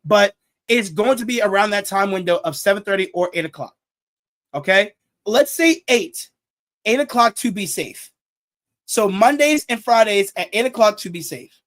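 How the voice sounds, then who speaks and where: A young man with a high voice hosts a casual sports talk show. He jokes, laughs at his own jokes and repeats his words as he goes. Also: animated, moderate pace, fairly bright tone. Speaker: show host.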